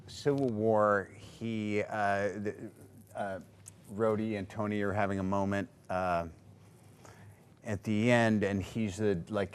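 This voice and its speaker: An actor on a cast panel, rambling through a wry, joking anecdote. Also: male voice, fairly low pitch, clear, resonant tone. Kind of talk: casual anecdote telling.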